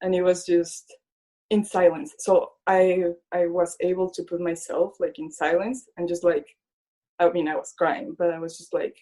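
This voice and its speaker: A woman's voice: on the low side, flat delivery, moderate pace, mellow. A young woman sharing a personal faith story as a guest, speaking earnestly, leaning on "like" a lot and voicing her own past thoughts as quoted lines. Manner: earnest, fills speech with "like". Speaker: guest, illustrator. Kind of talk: personal faith testimony in conversation.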